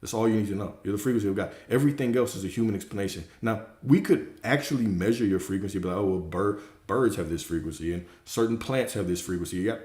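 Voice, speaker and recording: A man's voice: fairly low pitch, fast, hardly any pauses, a little mellow. A man who works as a spiritual coach, giving a casual, emphatic livestream talk that repeats its points and swears freely. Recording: roomy echo.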